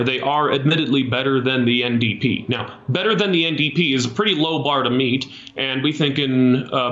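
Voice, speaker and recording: A Canadian man leading a small political party, answering interview questions in a measured way with many fillers and restarts. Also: medium pitch, fairly bright tone, echoey room, lo-fi sound.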